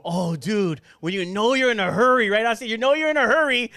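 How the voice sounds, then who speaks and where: Animated joking man hosting a podcast. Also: high voice, a little fast, no room sound, clean studio sound. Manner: animated, joking, laughs often. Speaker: podcast host. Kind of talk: casual podcast chat.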